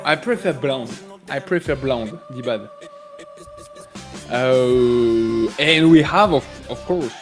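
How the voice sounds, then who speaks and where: French man, live-stream host, high voice, unhurried banter, faint music underneath. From France. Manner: joking, rambling, greets chat viewers by name. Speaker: livestream trading host. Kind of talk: casual live-stream chat.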